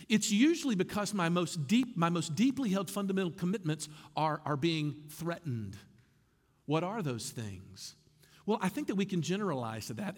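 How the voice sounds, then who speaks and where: A man's voice: sits high, big-room sound. A male pastor preaching a sermon in a conversational way, turning often to speak straight to his listeners.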